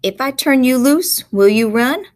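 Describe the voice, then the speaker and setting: A woman's voice: high-pitched, expressive, measured pace, no room sound, studio quality, pitched above the performer's own voice. A woman teacher voicing a stern woman who scolds a boy in a rural Southern dialect, read aloud from a story. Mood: scolding. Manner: firm, scolding, drawled dialect.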